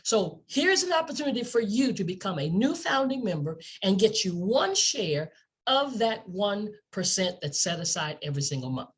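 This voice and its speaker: Animated woman giving an excited sales pitch. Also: normal speed, slightly rough. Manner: enthusiastic, rhetorical questions, emphatic repetition. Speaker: company presenter.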